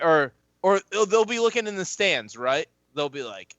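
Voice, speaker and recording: A man and former football player chatting casually as a podcast guest, rambling and swearing freely as he tells animated stories. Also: sits high, normal speed, hardly any pauses, no room sound, highs cut off. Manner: rambling, profane, animated storytelling. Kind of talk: casual chat.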